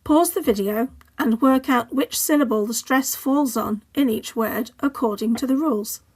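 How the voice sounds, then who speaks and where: English lady teacher, bit high voice, clear careful lesson narration, models each word slowly. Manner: clear, measured teaching delivery, carefully modelled example words. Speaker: languages teacher. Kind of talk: scripted instructional narration.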